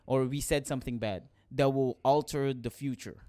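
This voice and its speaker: A man co-hosting a casual podcast chat, rambling and animated as he recounts scenes. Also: mid-range voice, normal speed, no room sound. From Philippines. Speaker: podcast co-host.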